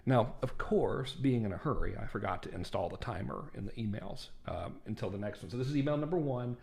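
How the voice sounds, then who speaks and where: A man's voice: mid-range voice, animated, a little fast, gravelly, a little mellow. A man teaching a marketing lesson over a screen share, casual and self-deprecating, peppering his talk with "right?" and "like". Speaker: marketing course instructor.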